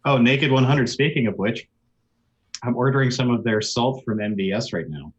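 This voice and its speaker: A man's voice: medium pitch, moderate pace, lo-fi sound. A man co-hosting a casual podcast chat, joking, blunt and offhand. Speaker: podcast co-host.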